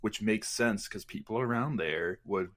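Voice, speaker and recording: Male podcast co-host in his thirties, lowish voice, loose chatty delivery. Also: unhurried, a bit bright. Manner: loose and chatty, with many likes. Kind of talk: casual chat.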